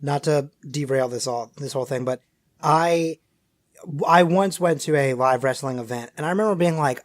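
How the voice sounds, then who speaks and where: A man chatting on a podcast, telling rambling, animated stories full of acted-out quotes. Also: on the high side, normal speed, dry recording, clean studio sound. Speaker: podcast guest. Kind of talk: casual chat.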